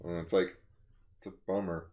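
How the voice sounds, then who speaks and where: Man, podcast co-host, casual chat, very low pitch, relaxed, hesitant restarts, echoey room. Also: moderate pace. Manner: relaxed, explains plot points, hesitant restarts.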